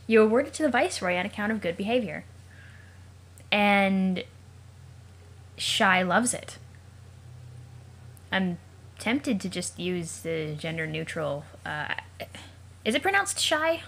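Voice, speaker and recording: A woman's voice: mid-range voice, lively intonation, a little slow, pauses often, fairly bright tone. A woman hosting a let's play, reading a webcomic aloud and breaking off into chatty, joking asides and questions she wonders about aloud. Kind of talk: casual read-aloud with commentary.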